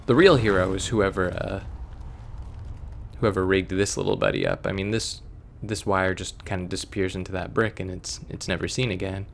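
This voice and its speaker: A man from Florida talks over a video game in a rambling, sarcastic way, drifting into side stories. His voice sits low and has a gravelly fry, with a faint hiss behind it. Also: animated, normal speed. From Florida, USA. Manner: rambling, sarcastic, digressive storytelling. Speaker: let's play commentator. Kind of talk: casual gameplay commentary.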